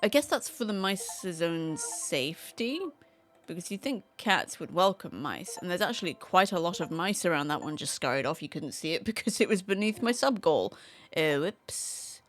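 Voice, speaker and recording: A woman's voice: lowish voice, animated, moderate pace, faint music behind. A woman streaming a casual game from home, chatting playfully and talking to the cats on screen. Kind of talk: casual gameplay commentary.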